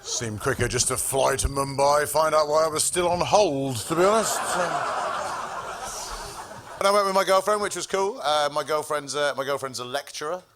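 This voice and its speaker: A man's voice: fairly high pitch, moderate pace, background noise. A man doing a stand-up comedy set on a club stage, telling stories in a wry, sardonic way with plenty of swearing.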